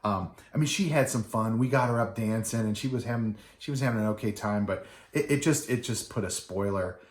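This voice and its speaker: A man's voice: fairly low pitch, a little fast. A middle-aged man, a wedding DJ, casually telling a story with many fillers and restarts. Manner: rambling with many fillers and restarts, acting out quoted people. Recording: echoey room.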